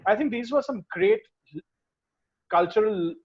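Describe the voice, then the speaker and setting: A man co-hosting a podcast, reading viewer comments and telling stories in a casual, swearing, animated way. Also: sits high, a little slow, slightly rough, muffled recording. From India. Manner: swears freely, animated storytelling. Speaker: podcast co-host.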